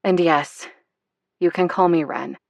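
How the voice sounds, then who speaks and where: Woman reading as a soft-spoken woman, low sweet voice, sincere, dry sound, audiobook. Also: fairly even intonation, takes it slowly, vocal fry, dry recording. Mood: gentle.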